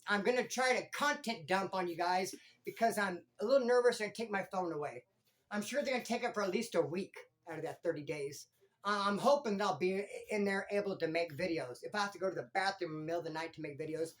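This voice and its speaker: A former prisoner hosting his own channel, telling stories in animated street slang. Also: high voice. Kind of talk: casual storytelling vlog.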